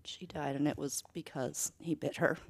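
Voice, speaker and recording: Animated woman podcast co-host, lower voice. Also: moderate pace, vocal fry. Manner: animated, swearing, emphatic asides. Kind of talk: casual chat.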